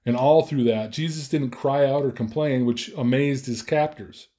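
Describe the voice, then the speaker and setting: A man's voice: mid-range voice, moderate pace, warm tone. A man preaching a sermon as pastor, earnest and emphatic, often repeating himself for stress.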